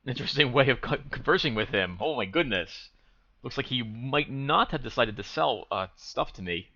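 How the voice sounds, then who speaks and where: A man playing a role-playing game, reading its dialogue and narration aloud with quick asides. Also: mid-range voice, animated, vocal fry, bright, forceful tone. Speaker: let's play host. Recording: slightly dull home mic with faint noise.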